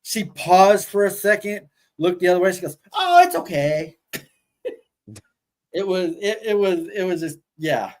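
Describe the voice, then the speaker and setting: A man's voice: high-pitched, fairly even intonation, normal speed, hardly any pauses, a little mellow, low-quality recording. A man co-hosting a podcast, telling stories animatedly and swearing casually. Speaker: podcast co-host. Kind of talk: casual chat.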